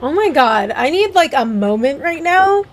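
A woman's voice: sits high, sing-song, normal speed. A young woman doing emotional, gushing commentary while she plays a video game. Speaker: gaming YouTuber. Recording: game music playing behind. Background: game music.

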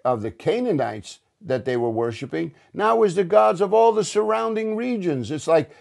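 Male pastor, sermon delivery, slightly higher voice, earnest and conversational, stumbles and restarts. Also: expressive, normal speed, gravelly, hardly any pauses, darkish tone. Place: church.

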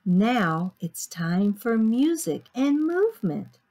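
A woman's voice: on the high side, very animated, slow, full character voice. A woman doing a sing-song kind teacher. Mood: instructing. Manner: sing-song, gentle and instructing. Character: kind adult woman schoolteacher, patient.

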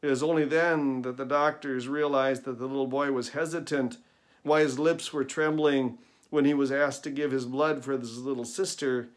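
A man's voice: medium pitch, steady tone, normal speed. A man, a pastor, giving an earnest, emphatic sermon with repeated phrases in a recorded devotional video. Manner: earnest, emphatic preaching with repetition.

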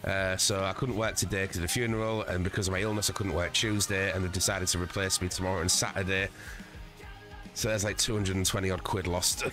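Streaming live from home, a man congested with a cold chats casually, rambling, swearing and chuckling at his own jokes. His low-pitched voice is flat and a little fast, with music playing in the background.

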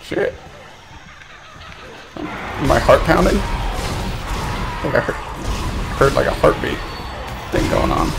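A man streaming a horror game, swearing, laughing and yelling at enemies. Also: mid-range voice, huge pitch swings, a little slow, vocal fry, long pauses. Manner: crude, jumpy, swearing, laughing. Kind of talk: live gameplay commentary. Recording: game music behind. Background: horror game music.

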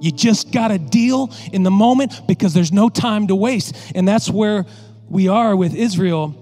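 High-voiced animated male pastor preaching. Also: a little slow, soft background music. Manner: animated, joking, talks straight to the congregation. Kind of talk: sermon.

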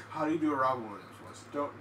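Playful man, let's play host, casual gaming chat, animated voice, distant roomy mic. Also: on the high side, fairly quick, background noise. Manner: playful, laughing, jumpy delivery.

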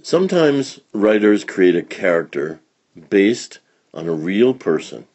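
A man reading a children's picture book aloud in an expressive, storytelling manner. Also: on the low side, unhurried, slightly rough, dull audio.

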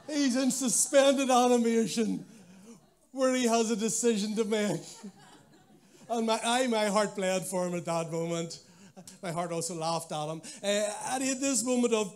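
A man's voice: high voice, normal speed. A man preaching a sermon, telling stories with animation and acting out what people said.

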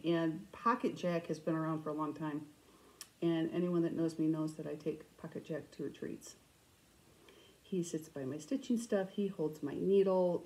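A middle-aged woman hosting a cross-stitch vlog, chatting casually and telling stories with animated, self-mocking humor. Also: lowish voice, poor audio. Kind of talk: casual storytelling chat.

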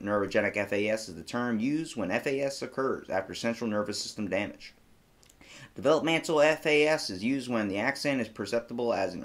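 A man's voice: fairly low pitch, fairly bright tone. Emphatic male podcast host. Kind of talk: reading notes in a comedy podcast.

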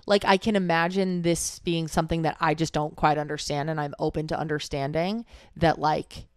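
Young female co-host, low voice, dry close mic, earnest and careful. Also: fairly even intonation, moderate pace, no room sound. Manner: earnest, reasons through hypotheticals. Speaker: podcast co-host. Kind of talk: casual chat.

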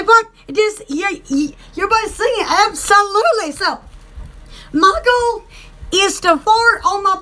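A woman hosting a casual live shopping stream, excitable and giggly with lots of exclamations. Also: extremely high pitch.

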